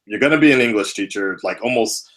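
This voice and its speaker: A man's voice: on the low side, fast talker, a bit bright. A man interviewing a guest, asking questions in a hesitant way, full of fillers. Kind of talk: casual interview.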